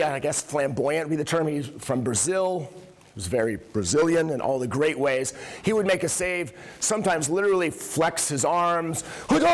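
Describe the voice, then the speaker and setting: A middle-aged man addresses a room of coaches in a somewhat high voice. He tells his stories with energy and acts out what the players and referees said. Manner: animated storyteller who acts out dialogue. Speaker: coach and workshop speaker. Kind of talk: conference talk with anecdotes. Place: conference room.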